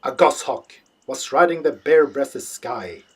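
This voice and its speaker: A man narrating a literary audiobook in a dry, deadpan way. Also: medium pitch, a little slow, slightly rough.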